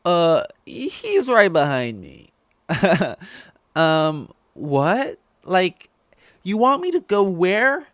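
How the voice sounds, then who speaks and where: A man's voice: sits high, wildly swooping pitch, takes it slowly, a bit bright, dry recording, studio quality, pitched above the performer's own voice, heavily acted. A man putting on the whiny voice of a panicky, wisecracking young male hero in a comic bit. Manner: whiny, exaggerated comic delivery.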